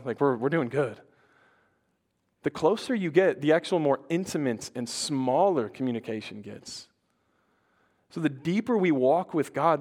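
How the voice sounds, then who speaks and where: Chatty young preacher with a higher voice. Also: male voice, darkish tone. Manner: casual and chatty, with frequent "like" and stuttered restarts. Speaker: pastor. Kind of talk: conversational sermon.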